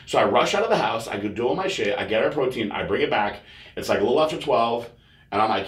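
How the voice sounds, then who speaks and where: Male podcast host, crude and rambling, mid pitch, roomy echo. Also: lively intonation, quick pace, a bit bright. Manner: crude, rambling, acts out quotes in high voices. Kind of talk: casual storytelling chat. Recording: echoey room.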